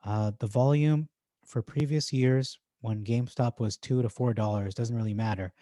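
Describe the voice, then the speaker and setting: A man with an Irish accent talks through forum posts in a loose, chatty vlog, dropping jokey asides between points. His voice sits mid-pitch with a mellow, dark tone. The sound is dry and close, with almost no room. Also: fairly even intonation, moderate pace, no echo. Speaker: stock market YouTuber. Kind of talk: casual commentary reading forum posts.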